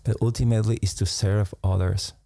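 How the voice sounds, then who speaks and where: Low gravelly guy, slow musing meditation talk, little laughs. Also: level tone, no room sound. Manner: unhurried, musing, laughs softly between thoughts. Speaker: meditation teacher. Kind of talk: reflective live-stream talk.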